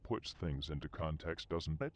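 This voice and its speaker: A man playing a deep, sardonic emperor. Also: animated, moderate pace. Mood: dry. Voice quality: deep, dry, profane and sardonic. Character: stern all-knowing male emperor lecturing. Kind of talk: scripted comedic narration. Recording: clear background noise.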